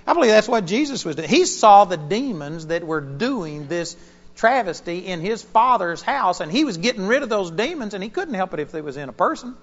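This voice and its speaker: Male preacher, high and lively delivery, sermon taped live in a church auditorium. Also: fairly quick. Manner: animated storytelling, emphatic. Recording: dull lo-fi sermon recording.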